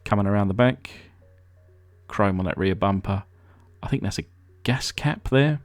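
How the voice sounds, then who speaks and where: A man's voice: lowish voice, moderate pace, soft background music. A man from England hosting a casual hobby vlog, chatty and rambling, with lots of ums and uhs. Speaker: diecast restoration channel host.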